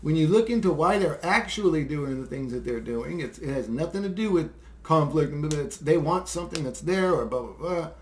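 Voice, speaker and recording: A man rants in a rambling, profane monologue, his voice a touch higher than most. He swings between muttered asides and exasperated outbursts, filling gaps with "uh" and short laughs. The room around him is noticeably echoey. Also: lively intonation, moderate pace, a little hiss or hum. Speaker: solo video creator. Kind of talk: casual monologue rant.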